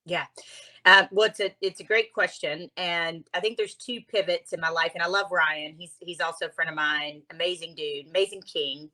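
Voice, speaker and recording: Expressive, earnest woman telling her story. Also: on the low side, moderate pace, poor audio. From Louisiana. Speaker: guest, author and speaker. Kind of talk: conversational storytelling.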